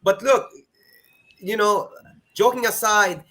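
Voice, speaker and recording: A man's voice: high voice, slow, pushed and bright. A man co-hosting a casual football show, laying out his case with frequent "you know". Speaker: co-host and football pundit.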